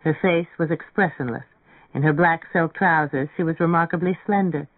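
A man narrating an audiobook in a measured, even way. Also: a little high, no room sound. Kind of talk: audiobook reading. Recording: dry, phone-like narrow sound.

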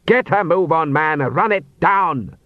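A man's voice: fairly high pitch, expressive, measured pace, no echo, voice pushed up. A man voicing an imperious, snappish male vampire master who talks in a haughty, impatient way. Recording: dull, dry audiobook recording.

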